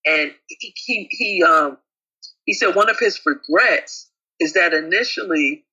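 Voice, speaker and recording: A man co-hosting a casual talk show, chatty and affectionate, with a husky voice. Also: high-pitched, a little slow, pushed and bright, highs cut off. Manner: chatty, calls co-host babe. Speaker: co-host. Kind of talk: casual chat.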